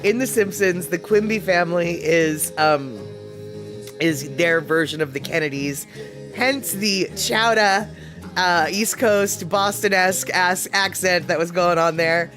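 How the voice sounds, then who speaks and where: A woman's voice: lowish voice, unhurried, music in the background. A woman hosting a live stream, chatting casually and rambling with lots of fillers. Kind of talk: casual chat.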